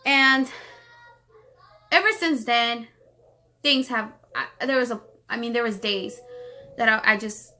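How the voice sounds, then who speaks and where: Bright-voiced vlogging woman holding back tears. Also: a little high, slight background noise. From Los Angeles, United States. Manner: rapid rambling with many fillers and restarts. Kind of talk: emotional personal storytelling.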